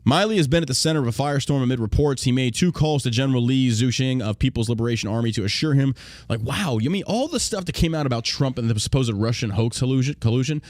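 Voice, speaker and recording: A man's voice: medium pitch, lively intonation, quick pace, a little mellow, no room sound, studio quality. A man hosting a podcast, ranting in a profane, combative and indignant way. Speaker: podcast host.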